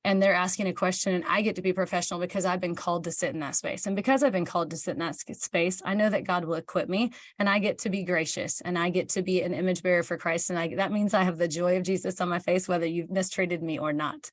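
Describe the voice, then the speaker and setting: A woman's voice: lowish voice, steady tone, fast talker, hardly any pauses, no room sound. A woman from Kansas, hosting a motivational live talk for her team, chatty and candid, answering viewer comments and acting out bits of dialogue. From Kansas, United States.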